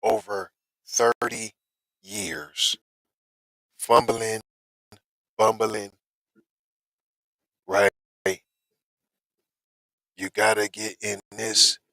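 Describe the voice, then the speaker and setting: A man casually commenting on news he reads aloud, slangy and animated, with excited outbursts, on a close mic in a dry small room. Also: fairly low pitch, very slow, creaky, pauses often, dry recording, low-quality recording.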